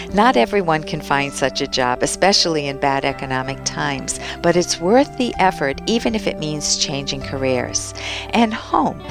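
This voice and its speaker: A woman hosting a radio advice show as a psychologist, explaining feelings in an earnest, teacherly way. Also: sits low. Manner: earnest, explanatory, acts out quoted voices.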